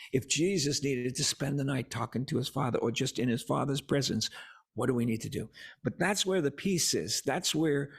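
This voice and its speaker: An older man with a gravelly, husky voice at a middling pitch, talking as a guest songwriter. He tells stories earnestly and stumbles over repeated words when he is moved. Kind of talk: casual conversation about faith.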